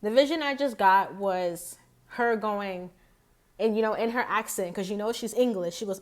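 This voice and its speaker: A woman's voice: mid-range voice, normal speed. A woman doing a casual tarot reading, talking to her viewers in a rambling, chatty way full of fillers and restarts. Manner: talks straight to viewers. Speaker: tarot reader.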